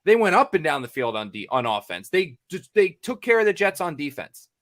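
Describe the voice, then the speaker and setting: A man's voice: on the high side, big pitch swings, fairly quick, a bit bright. An American man, a sports reporter co-hosting a podcast, ranting in exasperation, repeating himself and swearing freely.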